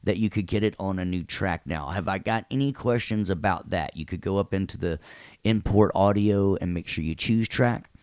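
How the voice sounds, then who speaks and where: Low-voiced joking Nashville instructor. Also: male voice, darkish tone, dry recording, clean studio sound. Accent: Southern US, Nashville. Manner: joking, chatty, talks to students. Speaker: audio workstation instructor. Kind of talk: recorded class lecture with jokes.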